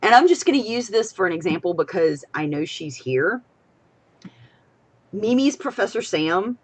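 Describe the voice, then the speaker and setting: A young woman chatting casually as a co-host on a live stream, rambling and excitable, swinging between loud bursts and soft trailing asides. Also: mid-range voice, normal speed, slightly rough. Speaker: podcast co-host.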